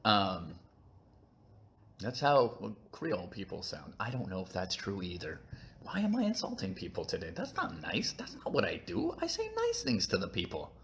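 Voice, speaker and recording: A man with a fairly low voice rambles through a casual live stream, goofy and self-mocking. He talks while eating, recorded on a phone, and wanders loosely from thought to thought. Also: huge pitch swings, normal speed, a bit bright. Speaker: channel host.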